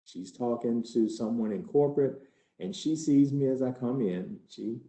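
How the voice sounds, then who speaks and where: A man's voice: mid-range voice, normal speed, warm tone. A man acting out a case study as a trainer, earnest and conversational as he tells it in the first person. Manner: earnest, conversational, building tension. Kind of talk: first-person role-play storytelling. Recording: roomy hall.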